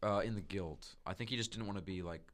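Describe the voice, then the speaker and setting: A man's voice: low voice, quick pace. A young man co-hosting a casual podcast, dry and teasing, sometimes drawing his words out. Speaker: podcast co-host. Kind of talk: casual chat.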